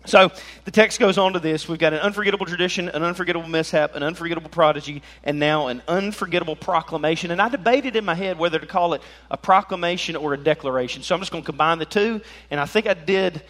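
A man preaching an animated sermon as pastor, joking and swinging between loud and soft. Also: fairly high pitch, quick pace, few pauses.

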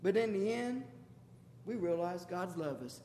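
A man's voice: sits high, animated, unhurried, dark tone, pitched below the performer's own voice. A man voicing the apostle Paul as a folksy older man who bosses his helpers around. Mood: grateful. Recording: echoey hall with long reverb.

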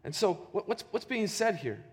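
Pastor preaching a sermon, lots of rhetorical questions, long hall echo. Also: male voice, high-pitched, big pitch swings, moderate pace.

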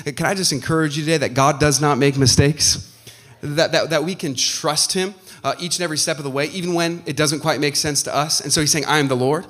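Fervent male preacher, higher voice. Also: fast talker. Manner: fervent preaching, swings between loud and hushed. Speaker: pastor. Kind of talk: sermon.

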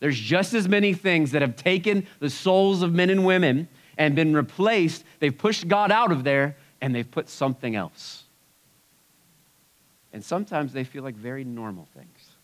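A man preaching a sermon to a live audience in a relaxed, conversational way, swinging between loud and hushed. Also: a little high, moderate pace, rough recording.

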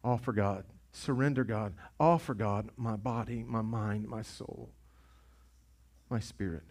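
A man's voice: fairly low pitch, a little slow, darkish tone. A man preaching a sermon as pastor, impassioned and urgent, often repeating himself for emphasis. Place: church sanctuary.

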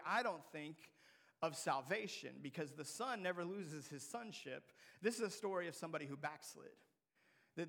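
Gravelly high-pitched male preacher. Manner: preaching with sudden loud emphatic climbs and hushed drops. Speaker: pastor. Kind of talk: sermon.

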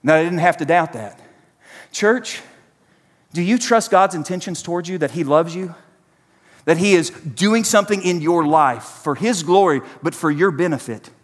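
A man's voice: fairly high pitch, normal speed, in a large hall. A man, preaching a sermon and speaking directly to his congregation. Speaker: pastor.

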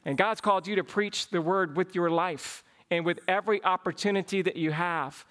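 A man with a notably high-pitched voice preaches to his congregation. His delivery is fervent and urgent, swelling into excited exclamations before he settles into a closing prayer. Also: moderate pace. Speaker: pastor. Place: church service.

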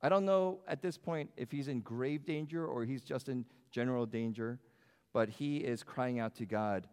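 In a church sanctuary full of long hall reverb, a pastor gives a sermon in a conversational way, questioning his congregation. He speaks at normal speed in a mid-range voice that is clear, resonant, and a little mellow.

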